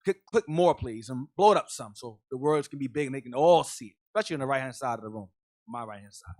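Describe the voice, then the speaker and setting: A man's voice: mid-range voice, lively intonation, fast talker, darkish tone. A man teaching a Bible class as a deacon, preaching emphatically and calling out instructions to a reader.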